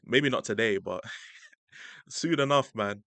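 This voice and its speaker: A man giving casual, slangy live-stream commentary, laughing often and breaking into excited asides. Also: mid-range voice, takes it slowly, no room sound. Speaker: streamer reacting to a debate.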